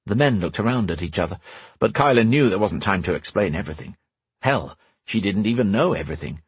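A man narrating a fantasy audiobook in a steady, measured storytelling manner. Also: lowish voice, husky, no echo.

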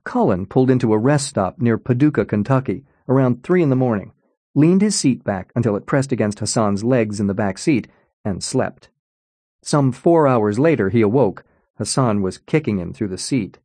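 Wry, expressive male audiobook narrator. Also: medium pitch, moderate pace, no echo. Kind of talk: scripted narration.

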